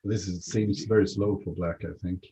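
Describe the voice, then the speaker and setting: A man from Sweden, chatting casually about chess in a measured, hesitant way with many fillers. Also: sits low, fairly even intonation, warm tone. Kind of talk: casual chat.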